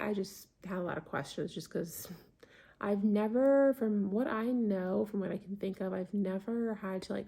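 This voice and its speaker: A woman's voice: mid-range voice, mellow. A young adult woman vlogger telling a casual storytime, chatty with lots of fillers. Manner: chatty, many fillers, embarrassed retelling.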